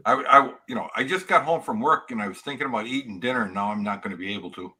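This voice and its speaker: A man with a husky voice, bantering and teasing in a casual online chat. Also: mid-range voice, quick pace, bright, forceful tone.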